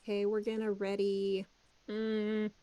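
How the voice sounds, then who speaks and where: A woman's voice: mid-range voice, completely flat delivery, a little slow, warm tone, no echo. A woman player in a tabletop game, plainspoken and matter-of-fact as she picks her spells. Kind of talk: casual tabletop play.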